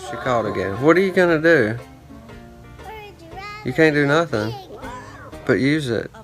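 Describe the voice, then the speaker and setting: Man vlogger, mid pitch, rambling profane storyteller, faint guitar music under. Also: lively intonation, unhurried. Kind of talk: rambling casual monologue.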